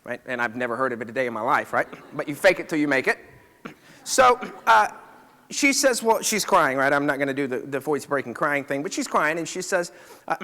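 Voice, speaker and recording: A man's voice: on the high side, big pitch swings, a little fast, bright, forceful tone, in a large hall. A middle-aged man, a chiropractor, telling a story to a live audience in a conversational way, often checking in with his listeners.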